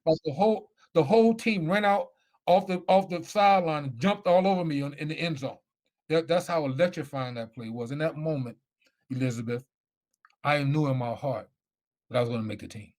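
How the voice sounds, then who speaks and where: A man's voice: a little high, brisk, a little mellow. A middle-aged man telling his story animatedly in a live Q&A, acting out the voices of people he quotes. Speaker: guest speaker.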